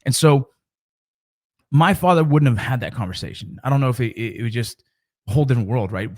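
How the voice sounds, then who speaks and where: A man's voice: medium pitch, animated, a little fast. A middle-aged man and father talking casually to camera about mentoring, in a rambling, conversational way with frequent restarts.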